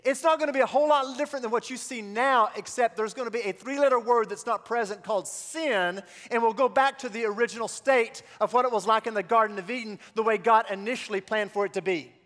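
A man's voice: very high-pitched, fast talker, hardly any pauses, fairly bright tone, in a large hall. A man preaching a sermon as pastor, building to call-and-response refrains.

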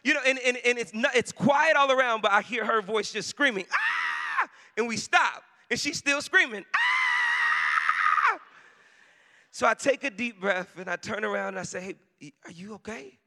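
A man preaching a sermon, telling a personal story in a conversational way and rising to shouted emphasis. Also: extremely high pitch, fairly quick, hardly any pauses. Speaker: pastor. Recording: long reverb of a large hall.

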